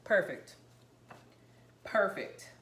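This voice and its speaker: A woman vlogging about home cooking, chatting excitedly and rambling while she tastes and eats her food. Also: very slow, roomy sound. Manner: talking while eating, mouth full. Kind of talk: casual cooking vlog, tasting on camera.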